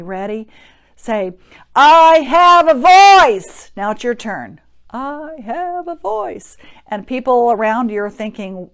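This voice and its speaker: A woman's voice: mid-range voice, darkish tone. A woman hosting a live-streamed talk, teaching in an encouraging, chatty way and greeting viewers by name. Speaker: host.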